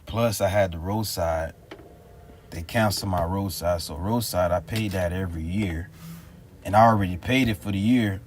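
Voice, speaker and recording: Deep-voiced man ranting casually. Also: normal speed, a little hiss or hum. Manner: rambling, slangy, exasperated retelling. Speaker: vlogger. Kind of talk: casual vlog storytelling.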